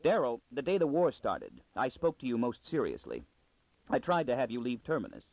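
A man reading the part of a secretive young male neurologist with a measured, dry delivery. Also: mid-range voice, wildly swooping pitch, gravelly, no room sound, exaggerated voice. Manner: measured, dryly sardonic. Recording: dry, phone-like narrow sound.

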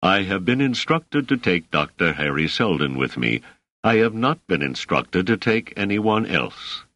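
A man plays a hulking uniformed sergeant in a spoken storybook, low and rumbling. He speaks slowly and formally, each syllable deliberate. The reading is dry and close-miked. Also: sing-song, pushed and bright, no echo, heavily acted. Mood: stolid. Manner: slow, stolid, formal. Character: gruff, commanding soldier-sergeant with slow rolling bass. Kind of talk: audiobook character reading.

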